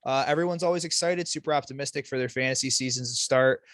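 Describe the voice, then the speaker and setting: A man's voice: medium pitch, fast talker, a bit bright, no room sound. Profane griping man, dry sound. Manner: profane, mock-vengeful griping. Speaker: podcast co-host. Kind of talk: casual sports chat.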